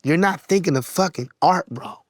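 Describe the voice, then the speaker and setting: A man from Los with a gravelly voice, telling a personal story bluntly and candidly in an interview. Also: sits high, normal speed. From Los Angeles, USA. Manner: blunt, profane, heartfelt, slips into voices when quoting. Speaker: guest musician and producer.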